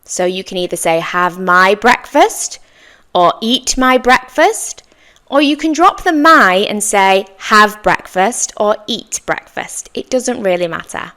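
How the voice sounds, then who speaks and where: A woman teaching an English lesson, saying example sentences slowly and clearly for learners to repeat, with encouraging praise. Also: medium pitch, animated, sharp tone. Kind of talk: slow, clear language lesson with repeat-after-me drills.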